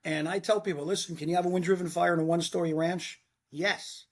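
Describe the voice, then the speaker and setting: A middle-aged man tells blunt stories from the fire service and acts out the quotes with animation. His voice sits a little high and sounds husky. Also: fairly even intonation, fast. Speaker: retired fire lieutenant, podcast guest. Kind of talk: casual storytelling chat.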